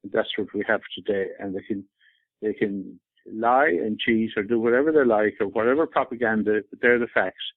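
An Irish man with a fairly low voice speaks insistently and at length, circling back to his points. His voice comes down a thin, tinny phone line. The sound is dry, with no room around it. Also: a little fast, no room sound. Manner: rambling, insistent, repeats himself. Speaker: interviewee.

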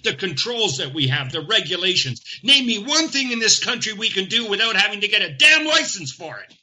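A man's voice: high voice, very animated, fairly quick, bright, forceful tone. A man who is a guest on a talk show, speaking in a fervent, indignant way and stacking up lists of complaints. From Canada. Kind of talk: impassioned talk-show chat. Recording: dull lo-fi audio.

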